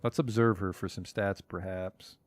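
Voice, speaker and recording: A man's voice: low-pitched, fairly even intonation, moderate pace, faint music behind. A man streaming a video game, reading the on-screen text aloud with casual, swearing commentary.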